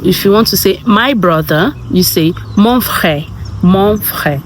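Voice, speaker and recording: A woman hosting her own channel, giving a casual vocabulary lesson and repeating each word slowly, twice over. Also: mid-range voice, expressive, noisy background. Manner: slow and repetitive, saying each word twice. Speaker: language tutor and channel host.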